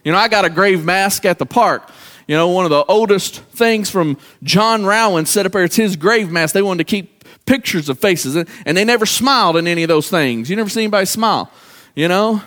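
Male pastor with a high voice, halting sermon style, reverberant sanctuary. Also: fairly bright tone. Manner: halting, repeats words, calls out to congregation. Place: church sanctuary. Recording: church hall with long reverb.

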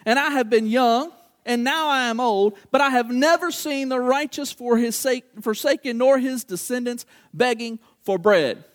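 High-voiced man preaching a sermon. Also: normal speed. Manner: animated, acts out dialogue, repeats for emphasis.

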